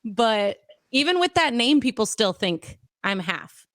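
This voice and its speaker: An American woman in her thirties with a fairly high voice tells stories in a loose, animated podcast chat, often dropping into fluent street Spanish. The sound is close and dry, with almost no room around her. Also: measured pace, dry recording. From Minnesota, USA. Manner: animated storyteller, switching into Spanish. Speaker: Spanish-language radio host.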